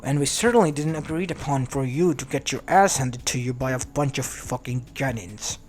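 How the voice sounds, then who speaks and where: A man's voice: mid-range voice, normal speed, lightly acted. A man voicing a lecherous, crude male rogue ninja leader, mocking and vulgar, over faint background music. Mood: sneering.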